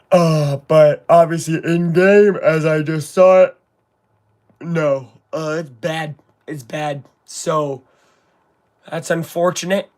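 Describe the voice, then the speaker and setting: A fan watching along gives live play-by-play commentary on a game in a slightly high voice. He talks casually and rambles, openly voicing his frustration.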